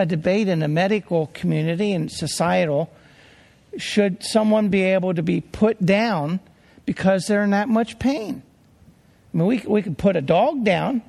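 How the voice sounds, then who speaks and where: A man preaching a sermon, emphatic, restarting phrases and dropping low for grim details. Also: gravelly, a little mellow. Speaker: pastor. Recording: long hall reverb.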